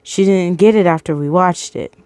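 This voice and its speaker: A woman's voice: on the low side, moderate pace, mellow, smooth, no room sound, close to an everyday voice. A woman reading a fan story aloud, voicing an impatient young male kidnapper in her own everyday voice.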